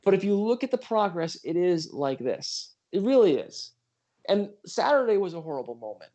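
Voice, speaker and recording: A middle-aged man from Western New York, a political candidate, hosts a casual livestream in a high, sing-song, mellow voice at a moderate pace, with the highs cut off. He tells stories earnestly, apologizes for talking too long and drops self-deprecating asides.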